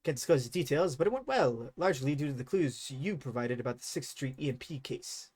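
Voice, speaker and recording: A man voicing a brisk female police officer, reading game dialogue aloud in a flat, plain delivery. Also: mid-range voice, slightly rough. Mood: matter-of-fact.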